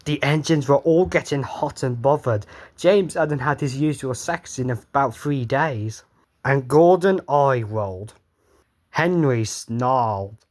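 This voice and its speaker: A man's voice: medium pitch, takes it slowly, darkish tone. Offhand man reading a story. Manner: stumbling, sweary, offhand. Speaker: reader.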